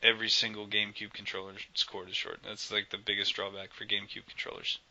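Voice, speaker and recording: A man with a very bright, forceful voice, chatting casually as a podcast co-host. He rambles and jokes, full of fillers and restarts. The audio is dull and lo-fi. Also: fairly low pitch, flat delivery, quick pace. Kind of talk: casual gaming podcast chat.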